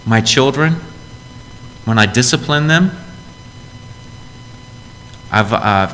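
A man's voice: sits low, a bit bright, big-room sound, slight background noise, rough recording. A man preaching a sermon as a pastor, earnest and direct, often putting questions to his listeners.

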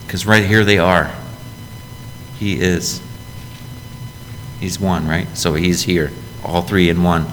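Male pastor, sermon, lower voice, long hall reverb, faint rumble, conversational preaching with emphatic rises. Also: fairly bright tone. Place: church sanctuary.

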